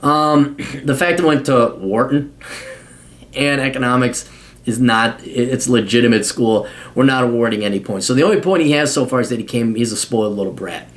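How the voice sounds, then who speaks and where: Male host, mid-pitched, reading with sarcastic, profane asides. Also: moderate pace. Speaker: podcast host. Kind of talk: reading a biography aloud with commentary.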